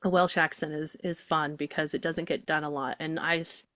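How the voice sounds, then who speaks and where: A woman stage actress chatting in an interview, telling animated stories and now and then dropping into put-on accents. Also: sits low, normal speed, no echo. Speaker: guest theatre actress. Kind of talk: casual interview chat.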